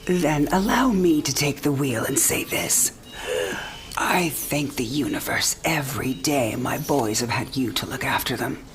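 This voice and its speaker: An actress playing an elderly mother on her last night alive, wry, teasing and frank, often speaking softly in a game cinematic. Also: a bass voice, animated, unhurried, a little hiss or hum. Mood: reflective. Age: older. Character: dying elderly mother, warm, sharp-witted, frank. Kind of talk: video game cinematic drama.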